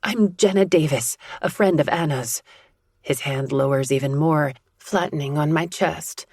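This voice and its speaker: Low, breathy woman narrating a romance. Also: no room sound, studio quality. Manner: soft, intimate. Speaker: audiobook narrator. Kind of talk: scripted first-person romance narration.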